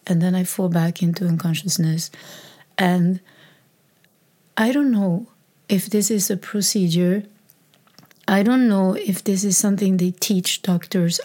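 A woman with a Swedish accent, a native Swedish speaker, telling a personal story in a strained, emotional voice. She talks haltingly, restarts often and drops into a soft whisper. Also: lowish voice. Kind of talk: personal testimony.

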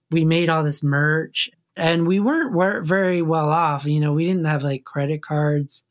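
Middle-aged man telling a rambling story. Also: a little high. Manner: rambling, filler-heavy, laughs often. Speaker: musician telling a personal story. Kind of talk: casual spoken storytelling.

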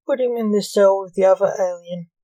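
Woman reading as a gruff suspicious scientist. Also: medium pitch, brisk, mellow, dry recording, close to an everyday voice, low-quality recording. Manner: gruff, curt.

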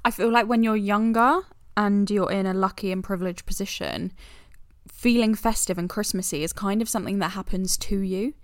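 A woman's voice: mid-range voice, moderate pace, dry recording, studio quality. A woman with a British accent co-hosting a podcast in casual, frank chat, swearing now and then. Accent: British English. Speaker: podcast co-host.

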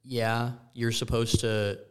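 A man's voice: mid-range voice, flat delivery, slow. A man co-hosting a sports podcast, easygoing and weighing both sides of an argument. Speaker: podcast co-host. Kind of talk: casual sports chat.

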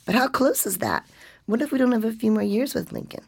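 A woman's voice: a little high, animated, brisk, breathy edge, voice pushed up. A woman voicing a distraught, determined mother. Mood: anxious. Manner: pleading, anguished outbursts. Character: distraught, fiercely determined mother of a sick boy.

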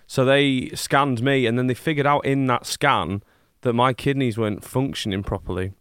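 A man's voice: medium pitch, fairly even intonation, normal speed, fairly bright tone, smooth, dry recording, studio quality. Chatty young Mancunian man. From born in Scotland, raised in Manchester. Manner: chatty, laughs often, self-interrupting. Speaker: guest. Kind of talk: casual interview chat.

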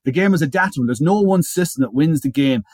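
A man's voice: on the high side, quick pace, slightly rough, no room sound. Dry-sounding man telling a football story. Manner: animated retelling, repeats words as he goes. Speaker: podcast co-host. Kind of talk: casual chat, storytelling.

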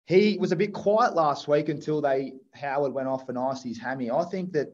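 A man's voice: a little high, moderate pace, dull audio. An Australian man co-hosting a podcast, talking sports picks in an enthusiastic, chatty way. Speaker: podcast co-host. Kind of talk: casual sports chat.

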